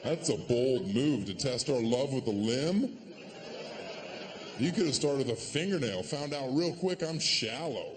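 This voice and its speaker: A man performing stand-up comedy on a club stage, with sardonic, deadpan delivery broken by sudden yelled punchlines. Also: mid-range voice, a little slow, in a large hall, noisy background.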